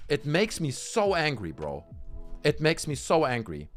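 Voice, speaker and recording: A livestream host with a fairly high voice and huge pitch swings rants heatedly at a measured pace, swearing a lot and addressing his chat directly while drinking. Soft background music plays behind him.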